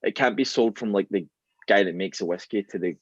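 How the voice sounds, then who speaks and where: A man's voice: fairly low pitch, brisk, husky, no echo, dull audio. A man with a Glaswegian Scottish accent chatting casually as a podcast guest, rambling with lots of fillers and restarts. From Scotland. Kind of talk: casual chat.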